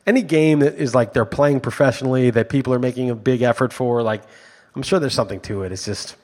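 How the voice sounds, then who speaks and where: Fast-talking man on a profane rant. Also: medium pitch, darkish tone. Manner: profane, ranting, emphatic. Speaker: podcast co-host. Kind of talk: casual chat.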